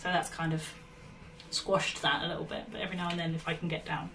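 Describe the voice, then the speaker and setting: A woman's voice: deep voice, little pitch movement, fast, pushed and bright, distant mic, rough recording. A young woman, a guest in a casual radio interview, giggly and bubbly. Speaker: guest musician. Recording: a little off-mic with faint background noise.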